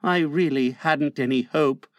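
A meek, self-effacing little boy who asks his questions hesitantly, in a soft, raised voice that sags with each plea, as a man puts him on in a storybook reading. He sounds plaintive and heavy-hearted, his tone lifted above normal speech. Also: on the high side, measured pace, no echo, clean studio sound, lightly acted. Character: humble, diffident little boy. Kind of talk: storybook read-aloud.

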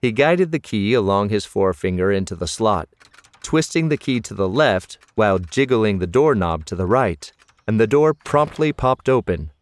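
A man narrating a novel as an audiobook, in a measured storytelling manner. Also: lowish voice, lively intonation, no room sound.

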